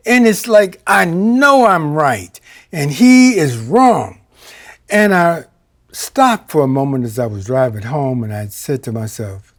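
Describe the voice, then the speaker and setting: A male minister preaching a sermon, telling a personal story and swinging between loud exclamations and quiet asides. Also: high voice, expressive, unhurried.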